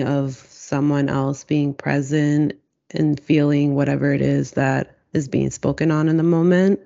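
A person in a reflective casual conversation, speaking slowly and searchingly with many fillers. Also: medium pitch, gravelly, mellow, dull audio.

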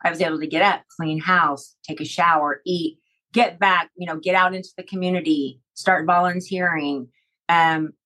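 A middle-aged woman guest in an interview, retelling a personal story in a halting, emotional way with many fillers. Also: fairly low pitch, steady tone, bright, forceful tone, rough recording. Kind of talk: conversational interview.

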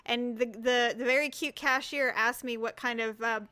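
A woman's voice: fairly high pitch, fairly even intonation, sharp tone. A woman co-hosting a podcast as the older sister, teasing and chiming in during casual chat. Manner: teasing, quick interjections.

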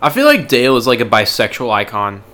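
A man's voice: mid-range voice, huge pitch swings, fast, bright, forceful tone. A man co-hosting a podcast, telling wry, profane stories full of tangents. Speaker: podcast co-host. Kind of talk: casual podcast chat.

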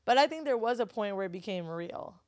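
Brief: woman podcast guest, candid, swears freely, mid-pitched, dry close sound. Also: expressive, fairly quick, a little mellow, dry recording. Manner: candid and profane, acts out relatives' voices. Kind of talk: casual chat.

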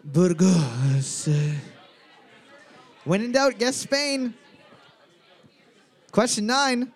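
A faint crowd can be heard as a man hosts a podcast's live trivia night in a high, animated voice at a moderate pace. He reads the questions while cracking jokes at the players' expense and laughing frequently.

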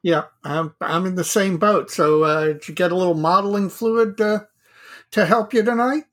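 A man's voice: sits high, fairly even intonation, normal speed. A man co-hosting a hobby podcast, chatting in an easygoing, self-deprecating way. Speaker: podcast co-host. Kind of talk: casual podcast chat.

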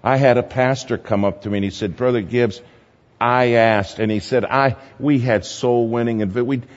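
A man preaching a sermon, telling a story animatedly, shifting between loud and hushed. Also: medium pitch, fairly even intonation, normal speed. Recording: muffled hall recording with long reverb.

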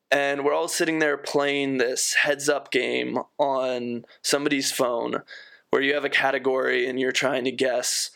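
A man's voice: medium pitch, gravelly, fairly bright tone. A young man from the United States, a volleyball player telling a story in a casual interview and repeating words as he recalls them. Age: young adult.

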